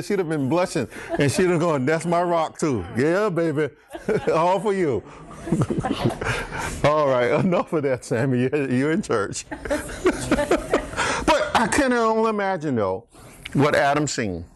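A man's voice: a little high, big pitch swings, unhurried, pauses often. A middle-aged man leading a Bible study in church, joking and teasing his listeners and laughing often. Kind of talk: playful Bible study teaching.

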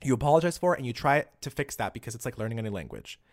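A man in casual podcast conversation, his pitch leaping up and down as he makes his points. He slips into quoted voices now and then, and the sound is close and dry with no room around it. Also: racing, dry recording. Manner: animated, acts out quoted voices, swears. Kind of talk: casual chat.

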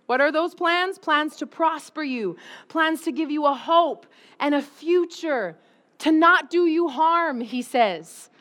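A woman pastor delivering a casual, conversational sermon with a high-pitched voice. She talks in a lively way, laughing often and slipping into acted-out quotes. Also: slow. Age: adult parent.

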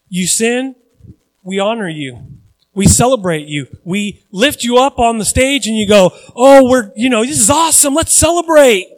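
A young man preaching a sermon as pastor, chatty at times and building to loud, emphatic stretches. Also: high voice, rough recording. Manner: conversational asides with restarts.

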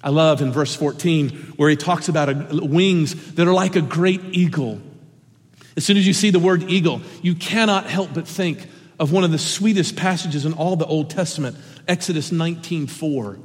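A man's voice: fairly high pitch, normal speed. Man preaching in a reverberant hall. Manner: earnest, impassioned preaching with sudden drops to a hush. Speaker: pastor. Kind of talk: sermon. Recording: long reverb of a large hall.

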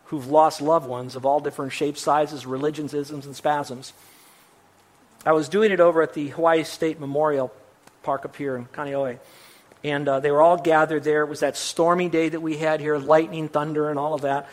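A pastor delivers a sermon in an animated, emphatic way, with a man's voice that sits a little high. He lifts his voice sharply on quoted lines and lowers it for dry asides to the people in front of him. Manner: emphatic and animated, voice rising on quotations; wry asides to the congregation.

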